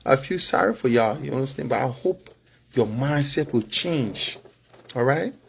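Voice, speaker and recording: A man's voice: mid-range voice, creaky, slight background noise. A man with a Liberian English accent, talking casually and with feeling to his followers, often checking in with "you understand?" and chuckling. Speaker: political vlogger and former candidate.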